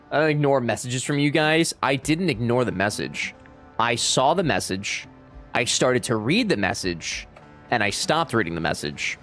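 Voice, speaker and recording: A young man chatting over his gameplay in a lively, bouncy voice that jumps up and down in pitch. He jokes, swears freely and slips into goofy accents. Soft music plays faintly behind him. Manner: swearing, joking, reads game dialogue aloud in silly accents. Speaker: streamer. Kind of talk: casual gameplay commentary.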